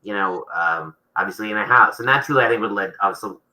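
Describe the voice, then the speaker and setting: A man's voice: lowish voice, fast, sharp tone, low-quality recording. A man, an author being interviewed, talking casually and rambling with many restarts.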